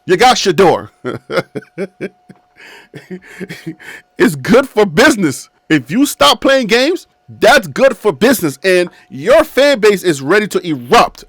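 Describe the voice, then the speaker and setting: A man's voice: sits high, fairly bright tone, dry recording. A man in his fifties hosting a casual sports video from his studio chair. He talks straight at the team with emphatic, repetitive points. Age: 50s. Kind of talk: casual sports commentary to camera. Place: his own studio, seated.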